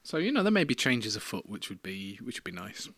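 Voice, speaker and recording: A man's voice: on the low side, big pitch swings, brisk, a crowd in the background. A man co-hosting a podcast in casual chat, joking and bantering. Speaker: podcast co-host.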